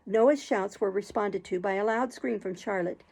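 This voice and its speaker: A woman narrating a classic novel aloud, expressive, now and then clearing her throat. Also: medium pitch, moderate pace, low-quality recording.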